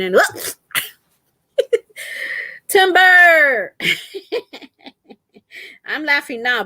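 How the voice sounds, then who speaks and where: A woman's voice: lowish voice, bright, forceful tone, dry recording. Chatty middle-aged woman live-streaming at home. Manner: chatty, laughs often while telling stories. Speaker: crochet channel host. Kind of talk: casual live-stream chat. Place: at home, lying down with feet raised. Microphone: laptop.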